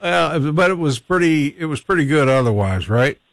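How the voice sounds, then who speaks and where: A man's voice: fairly high pitch, lively intonation, moderate pace, vocal fry, no echo. A man hosting a morning radio show, chatting casually, laughing often and reading out listener texts.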